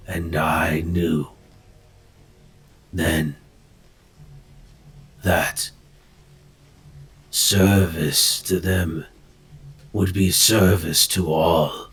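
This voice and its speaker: A man voicing a solemn male cultist with unblinking yellow eyes, speaking slowly and gravely as if preaching. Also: low voice, heavily acted.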